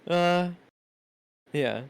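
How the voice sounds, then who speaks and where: Male streamer, casual chat, animated swings in pitch, curses a lot. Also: drawn-out words, gravelly, a little hiss or hum. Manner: lively, swearing, laughing, reads chat aloud.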